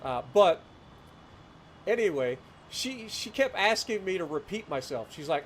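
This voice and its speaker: Casual streamer, rural Ohio man in his late thirties, slightly high voice, rambling and chuckling, faint noise behind. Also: sing-song, measured pace. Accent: rural southeastern Ohio. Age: late 30s. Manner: rambling storyteller, chuckles often, greets chat. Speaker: livestreamer. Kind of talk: casual gameplay livestream chat.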